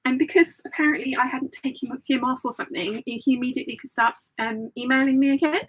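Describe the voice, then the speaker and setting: A woman's voice: sits high, fast talker, husky, low-quality recording. A middle-aged woman hosting a casual live-stream chat, telling funny stories and laughing often. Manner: chatty storytelling, laughs often. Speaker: host.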